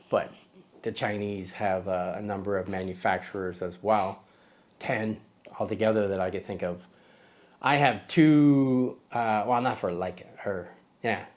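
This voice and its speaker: Chatty low-voiced man hosting a vlog. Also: normal speed, darkish tone. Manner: chatty and self-deprecating, with many fillers and restarts. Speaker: photography vlog host. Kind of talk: casual rambling talk to camera.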